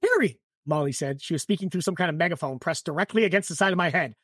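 A woman's voice: fairly low pitch, racing, breathy edge, no echo, studio quality. A woman co-hosting a book podcast in casual chat, full of "like" and restarts. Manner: chatty, lots of "like" and restarts. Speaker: podcast co-host.

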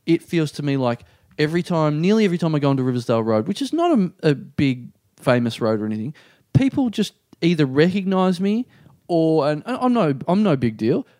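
An Australian man hosting a podcast, telling a story in an animated, self-deprecating way and acting out what people said. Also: on the high side, a little fast, dry recording, studio quality. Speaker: podcast host. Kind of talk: casual storytelling chat.

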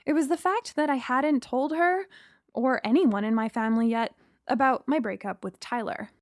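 A young woman reading a first-person story in a reflective, measured way. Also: sits high, no room sound, studio quality. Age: young adult. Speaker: narrator.

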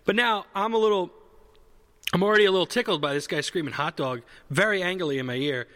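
A man's voice: high voice, quick pace, a bit bright, in a large hall. A man telling a long, rambling comedic story in casual chat, correcting himself mid-sentence and swearing freely.

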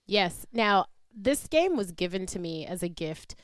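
A woman's voice: mid-range voice, sing-song, measured pace, dry recording, studio quality. A woman co-hosting a podcast in casual chat, loose and chatty, laughing often. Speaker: podcast co-host.

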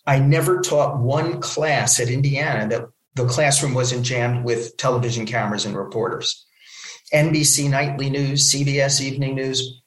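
Man telling lively stories in an echoey room. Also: medium pitch. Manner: lively storyteller who acts out other people's lines. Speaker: comic book film producer and guest. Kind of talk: animated anecdote telling.

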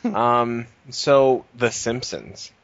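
A man's voice: mid-range voice, extremely slow, vocal fry, no room sound, dull audio. A man co-hosting a podcast, reading entertainment news in a laid-back way, with casual swearing and fillers. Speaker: podcast co-host.

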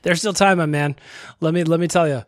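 A man's voice: a little high, fairly even intonation, brisk, dry recording, studio quality. A young male podcast host chatting casually and enthusiastically, with self-deprecating humor.

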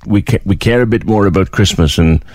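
A man hosting a radio interview, asking questions with lively interest. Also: fairly low pitch, fairly quick, no echo, studio quality. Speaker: radio host.

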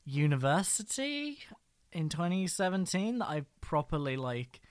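A man's voice: on the high side, big pitch swings, measured pace, no echo, clean studio sound. A man co-hosting a podcast, rambling casually with exasperated asides. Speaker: podcast co-host. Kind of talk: casual chat.

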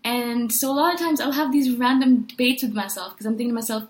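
A woman's voice: fairly high pitch, quick pace, few pauses. Earnest woman venting in an echoey room. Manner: earnest, venting, rhetorical questions. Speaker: personality-type video host. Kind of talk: casual monologue to camera.

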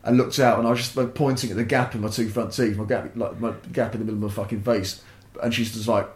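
A man's voice: on the low side, steady tone, quick pace. A young man, telling a rambling, sweary story as a podcast guest. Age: young adult. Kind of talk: casual storytelling. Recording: roomy echo.

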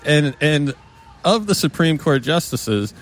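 A man's voice: on the high side, lively intonation, slow pace. A man in casual conversation, dry and skeptical, pushing back on his co-host. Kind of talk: casual podcast banter.

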